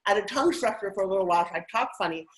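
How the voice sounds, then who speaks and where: A middle-aged woman from Long Island speaks as a guest on an interview show. Her voice sits at an ordinary middle pitch. She talks in an upbeat, persuasive, storytelling way with plenty of animation. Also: lively intonation, rapid-fire, low-quality recording. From Long Island, United States. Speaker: guest, TV host and spokesperson. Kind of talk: motivational interview talk.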